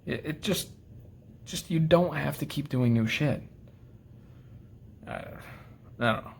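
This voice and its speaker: A man's voice: fairly high pitch, takes it slowly, gravelly, husky. Exasperated man ranting about knives. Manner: frustrated, profane, rambling; self-deprecating, apologetic asides. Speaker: knife collector vlogger. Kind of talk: casual ranting monologue.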